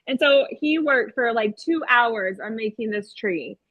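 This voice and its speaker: A woman teacher chatting about her kindergarten class. She speaks very slowly in a fairly high voice, animated and laughing, and slips into playful put-on voices. The recording is dry and a little dull. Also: no room sound. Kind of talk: casual chat recounting a classroom story.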